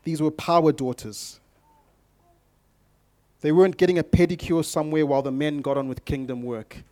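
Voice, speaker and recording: A man preaching a sermon to his congregation, moving from calm scripture reading to loud, emphatic exhortation and speaking directly to the people in front of him. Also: fairly high pitch, moderate pace, no room sound. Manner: addresses the congregation directly with audience prompts. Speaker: pastor.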